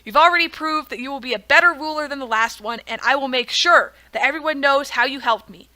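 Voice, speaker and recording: A woman's voice: sits high, a little fast, pushed and bright. Woman reading a grateful mill owner. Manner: plain reading voice.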